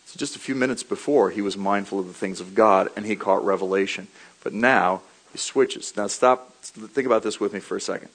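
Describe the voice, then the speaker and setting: A man preaching a sermon, telling animated stories, laughing briefly and repeating his key lines. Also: on the low side, a little fast, poor audio.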